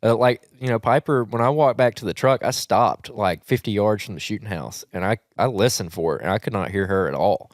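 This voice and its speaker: A man chats casually on a podcast, his voice pitched on the low side. He tells stories in an easygoing way, restarting sentences as he goes. The sound is dry and close. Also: a little fast, hardly any pauses, no echo. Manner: laid-back storytelling with frequent restarts. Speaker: podcast co-host. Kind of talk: casual chat.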